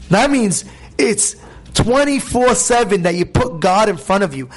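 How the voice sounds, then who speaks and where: A man, a rabbi, giving an informal sermon full of stories, acting out the voices of the people in them and asking the audience questions. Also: sits high. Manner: animated storyteller, acts out voices, asks audience questions. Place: synagogue event hall.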